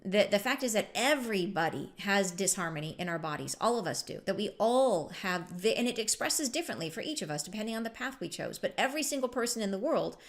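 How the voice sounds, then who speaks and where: A woman spiritual teacher giving a relaxed, reflective talk with a chatty, often laughing manner. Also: medium pitch, fast, few pauses.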